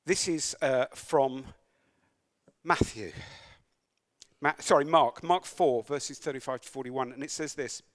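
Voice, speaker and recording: A man's voice: medium pitch, a little slow, long pauses. Man preaching with wry, chatty asides. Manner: conversational, self-correcting, wry asides. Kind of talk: sermon with scripture reading.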